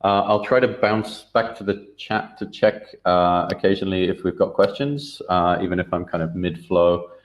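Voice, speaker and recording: Deep-voiced man giving an online workshop. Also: normal speed, hardly any pauses, lo-fi sound, slight background noise. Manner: relaxed, many filler uhs and restarts. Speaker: workshop speaker. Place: online video call.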